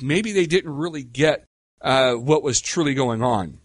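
A middle-aged man preaching a sermon in a conversational way, with rhetorical questions and slow, emphatic pauses. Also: medium pitch, expressive, no room sound, clean studio sound. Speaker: pastor.

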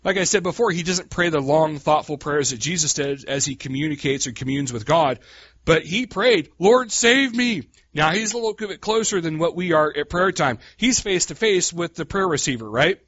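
Male preacher, animated sermon, folksy, slightly high voice, dull dry recording. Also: a little fast, no room sound. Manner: animated, swings from quiet asides to shouted cries; folksy, addresses listeners as "guys".

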